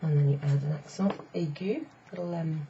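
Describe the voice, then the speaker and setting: Low gravelly woman teaching French. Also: dark tone. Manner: chatty, explains step by step, repeats phrases slowly. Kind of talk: casual online language lesson. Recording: slightly dull lo-fi sound with faint noise.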